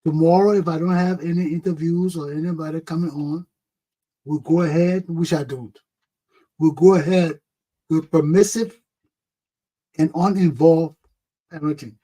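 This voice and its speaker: A man's voice: a little high, steady tone, moderate pace, long pauses, warm tone, rough recording. A man hosting a talk show, telling a childhood story with a lot of feeling and teaching a parenting lesson, often exclaiming "oh, man".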